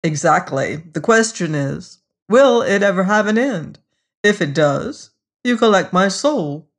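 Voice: medium pitch, animated, measured pace. A narrator voicing a smug man who bargains with the devil, in a pushy, self-satisfied storybook reading.

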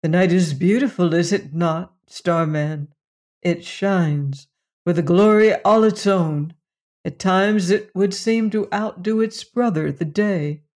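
A reader voicing a gentle, sorrowful alien villager who speaks in formal, old-fashioned phrases, in an audiobook story. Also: medium pitch, takes it slowly, close to an everyday voice. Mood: courteous. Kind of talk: audiobook reading.

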